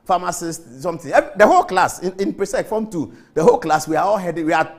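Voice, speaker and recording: A man's voice: high voice, expressive, quick pace. A man with a Ghanaian accent hosting a TV commentary show, impassioned and emphatic, hammering his points with repetition. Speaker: TV show host. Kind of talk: studio commentary.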